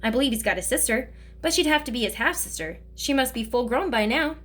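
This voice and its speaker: A woman's voice: on the high side, expressive, fast, fairly bright tone, soft background music, pitched above the performer's own voice. A woman reading as a teasing older man. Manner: teasing, joking drawl.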